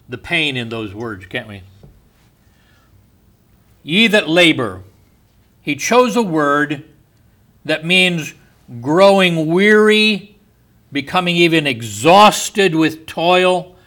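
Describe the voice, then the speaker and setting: Male pastor, sermon delivery, slightly high voice, unhurried, hushed on quotes. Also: lively intonation. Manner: slow, deliberate delivery, dropping soft on quoted words. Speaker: preacher.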